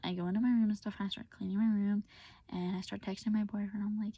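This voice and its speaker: A woman's voice: mid-range voice, little pitch movement, quick pace, warm tone, slightly rough, no room sound. A young woman telling a personal story in a rambling, casual way with lots of filler words, often half-whispered, recorded on a phone. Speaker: vlogger.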